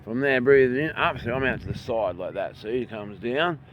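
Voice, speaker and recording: An Australian man leading a qigong and breathing lesson outdoors by a bay, filming on a handheld phone, calm and soft-spoken, his voice sometimes trailing off quietly. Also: mid-range voice, normal speed, lo-fi sound, a little hiss or hum. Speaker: qigong and meditation instructor. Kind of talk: guided breathing instruction. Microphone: handheld phone, filming himself.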